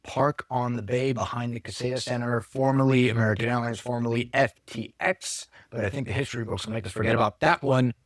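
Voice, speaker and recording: A man's voice: mid-range voice, fairly even intonation, fairly quick, few pauses, no echo, clean studio sound. Rambling, self-correcting male podcast host. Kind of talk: casual podcast chat.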